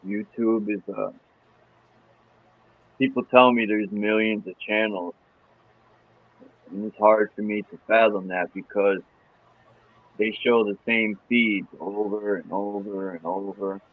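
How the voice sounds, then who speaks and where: A man's voice: on the low side, fairly even intonation, slow, long pauses. Male streamer, rambling casual host, tinny phone-like audio. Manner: loose, meandering, with frequent fillers.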